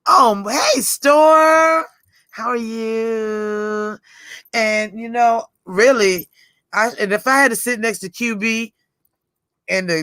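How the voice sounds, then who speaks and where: A woman's voice: medium pitch, sharp tone, no room sound, studio quality. A woman in her forties hosting a livestream in rambling, casual chat, often laughing. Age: 40s. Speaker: livestream host.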